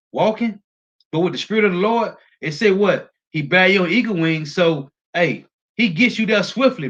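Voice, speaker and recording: Guy preaching hard, reads verses then riffs on them, kinda high voice, muffled lo-fi audio. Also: a bit bright. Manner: emphatic, repetitive, ends phrases with a low "man". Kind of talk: street-style sermon with scripture reading.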